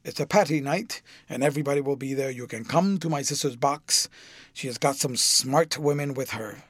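A man's voice: mid-range voice, fairly bright tone, dry recording, lightly acted. A man reading a cynical aristocrat, Lord Henry. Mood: coaxing. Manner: urbane, measured, drawling. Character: worldly older aristocrat, cool, cynical, witty. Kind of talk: audiobook reading.

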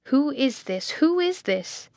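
Woman voicing a blind gentleman, imperious, desperate, raised and urgent, slow-paced, dry close sound. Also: a little high, fairly even intonation, no echo, natural voice. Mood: demanding. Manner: impassioned, imperious, pleading. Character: blind anguished middle-aged gentleman, commanding and desperate. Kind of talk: audiobook character reading.

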